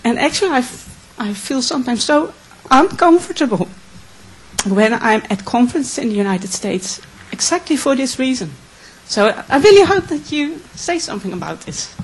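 A woman from the Netherlands, asking an earnest, emotional question at a conference Q&A with many halting restarts. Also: high voice, very animated, breathy edge, poor audio. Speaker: audience member asking a question.

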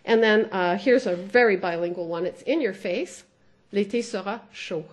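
Her voice sits in the mid range as she gives a conference talk on sociolinguistics. She is reflective, frequently pauses with "uh," and moves back and forth between English and French.

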